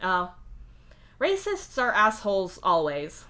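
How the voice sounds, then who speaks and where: A woman voicing a wary, blunt male alien, raising her voice high when he yells. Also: huge pitch swings, slow pace, full character voice. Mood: puzzled.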